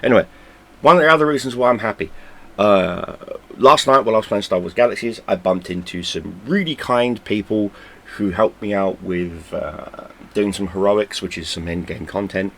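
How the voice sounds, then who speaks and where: Low-voiced swearing gaming host. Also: male voice, moderate pace, vocal fry. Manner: blunt and heavily profane, stumbles and repeats words. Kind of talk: casual unscripted vlog talk.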